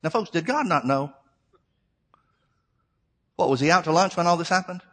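Moving from scripture readings to down-to-earth explanation, a middle-aged preacher keeps asking rhetorical questions and calling his listeners "folks." His somewhat high, slightly bright voice has lively intonation at a moderate pace.

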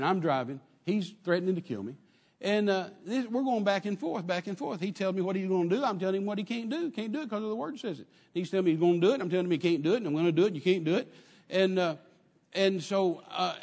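An older man with a Texan accent, from Texas, delivers a church sermon as emphatic storytelling, repeating lines and calling out to the people. The high-pitched voice has vocal fry and a darkish tone, trailed by long reverb.

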